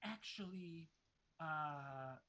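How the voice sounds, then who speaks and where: A man playing a hungry creature host who fawns over his guests with quick, eager assurances, his voice pitched up high and bright. He sounds jittery and ingratiating, hurrying to smooth things over. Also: full character voice. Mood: nervous. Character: hungry, fawning male creature host, overly friendly.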